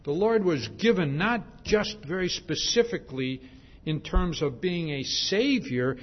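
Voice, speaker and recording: A man preaching a sermon at an unhurried, deliberate pace, his voice sitting a little high for a man. He drives points home by repeating phrases and tagging them with "see?". The recording is dull and lo-fi. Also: lively intonation. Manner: emphatic, repeats phrases for stress.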